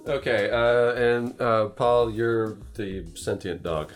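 A man's voice: medium pitch, slow pace, soft background music. A man chatting casually on a comedy podcast in short, amused remarks. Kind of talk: casual chat.

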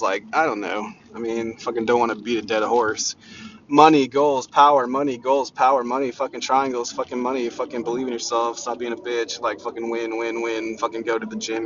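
A man's voice: mid-range voice, little pitch movement, moderate pace, slight background noise. A man hosting a rambling solo motivational podcast, talking in a brash, profane way. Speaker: podcast host. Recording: dull lo-fi recording.

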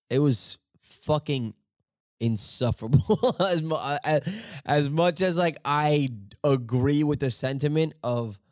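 A man's voice: medium pitch, darkish tone, dry recording. Rambling, profane young man on a dry mic. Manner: profane, rambling, halting, laughs often. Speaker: podcast host. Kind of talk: casual rambling monologue.

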